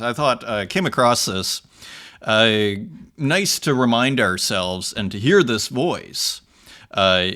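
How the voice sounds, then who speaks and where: Bright-voiced man hosting an art show. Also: mid-range voice. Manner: conversational, often reads aloud with slow dramatic emphasis. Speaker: host. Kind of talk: casual commentary livestream.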